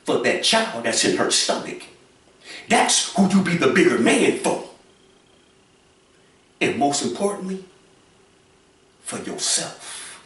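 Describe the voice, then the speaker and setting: A man giving preachy advice to other people, repeating his points and often raising his voice to a shout. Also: sits high, sing-song, slow, long pauses, very echoey, recorded from a distance. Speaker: commentator.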